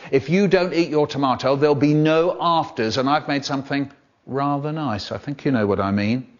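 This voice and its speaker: A man's voice: fairly high pitch, lo-fi sound, close to an everyday voice. A man doing a nagging, scolding mum. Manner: nagging, lecturing, rapid scolding. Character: stern scolding mother, middle-aged woman.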